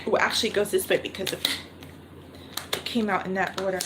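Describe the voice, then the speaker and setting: A woman's voice: medium pitch, steady tone, quick pace, background noise. A woman reading tarot cards on a livestream, thinking aloud and repeating her questions to spirit. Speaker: tarot reader. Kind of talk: live-streamed tarot reading.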